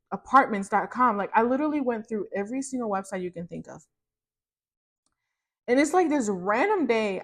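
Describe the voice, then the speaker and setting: A woman in her thirties, a podcast host, telling a personal faith testimony in casual chat, animated and rambling with many fillers and restarts. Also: mid-range voice. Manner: animated, acts out her own reactions in quotes.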